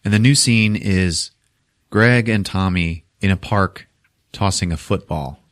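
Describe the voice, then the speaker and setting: Male podcast host, casual storyteller, low voice, dry studio sound. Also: unhurried, no echo. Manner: animated storyteller, swears freely. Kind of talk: casual movie recap.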